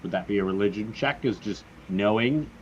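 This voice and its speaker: A man with a fairly low voice plays in a tabletop game. He asks casual questions and talks through his ideas with small restarts, with a faint ambient hum in the background. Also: brisk, darkish tone, dull audio. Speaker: player.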